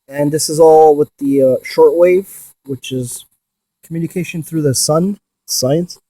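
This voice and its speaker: A man in a ghost box session vlog, excitedly calling out to spirits and swearing when he insists to viewers. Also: on the high side, measured pace, dry recording. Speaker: paranormal investigator.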